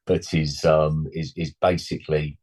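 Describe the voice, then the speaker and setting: A man's voice: a bass voice, level tone, a little slow, a little mellow. A man in his sixties, a musician guest, rambling and blunt in casual interview chat, full of "you know" and slangy asides.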